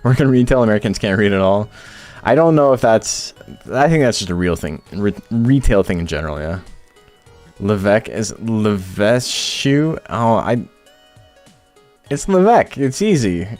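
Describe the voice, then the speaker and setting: A man's voice: on the low side, animated, normal speed, a little mellow. A young man streaming a game, chatting casually in loose, profane, joking rants. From Ontario, Canada. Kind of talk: casual chat while gaming. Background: faint game music.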